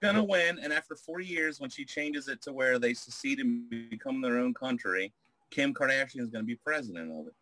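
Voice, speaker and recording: A man's voice: medium pitch, fairly quick, bright, forceful tone, low-quality recording. A man from Virginia Beach with a light Southern accent, bantering loosely and swearing in casual podcast chat.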